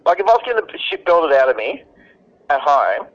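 A man's voice: on the high side, very animated, brisk, fairly bright tone. A man in casual chat, blunt, profane and emphatic. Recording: dull lo-fi recording.

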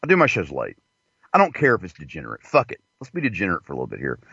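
A man's voice: low-pitched, huge pitch swings, racing, gravelly, bright, forceful tone, slightly rough, no room sound. A man doing a rambling, profane comedy monologue from inside a parked car. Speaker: comedian host. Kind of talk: crude stand-up monologue. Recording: dull lo-fi, dry.

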